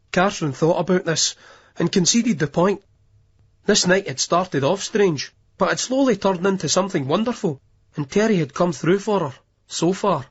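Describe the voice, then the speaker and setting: Male audiobook narrator, husky, muffled lo-fi recording. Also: sits high, normal speed. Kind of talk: scripted narration. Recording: dull lo-fi audiobook.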